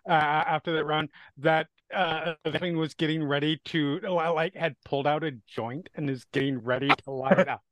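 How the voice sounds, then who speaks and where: A man's voice: a little high, steady tone, moderate pace, few pauses, fairly bright tone, dry recording, poor audio. A man playing in a tabletop game, talking in a wry, easygoing way. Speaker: player. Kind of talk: casual tabletop game talk.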